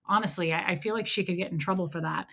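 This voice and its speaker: A woman's voice: lowish voice, fast, creaky, pushed and bright. A woman hosting a casual livestream chat, sarcastic and mocking, swearing freely and greeting viewers by name. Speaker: livestream host. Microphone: home streaming mic.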